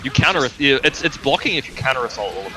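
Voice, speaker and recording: A man commentating a fighting game stream, calling the action with quick play-by-play and dry jokes. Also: mid-range voice, very animated, noisy background. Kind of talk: casual esports commentary.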